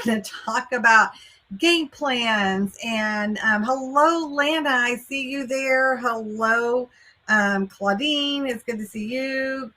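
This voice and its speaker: Texan woman, webinar host, upbeat and chatty, higher bright voice. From Texas. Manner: chatty and upbeat, greeting viewers by name. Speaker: college admissions coach hosting a livestream. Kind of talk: live webinar talk.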